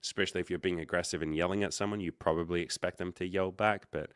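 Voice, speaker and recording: A man's voice: low voice, fairly even intonation, quick pace, fairly bright tone, clear, resonant tone, dry recording, clean studio sound. A man hosting a livestream, telling a story casually, rambling and correcting himself, with quoted dialogue. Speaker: livestream host and coach.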